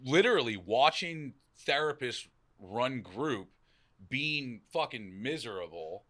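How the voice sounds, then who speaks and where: A young man with a Boston accent, a podcast guest talking loudly and outgoingly in casual conversation, swearing and acting out quotes. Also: mid-range voice, sing-song, slow.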